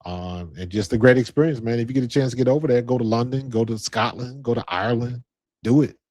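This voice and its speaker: Male podcast host, relaxed rambling storyteller, mid pitch, dry close sound. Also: quick pace, dry recording. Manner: laid-back, rambling storytelling. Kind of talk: casual chat.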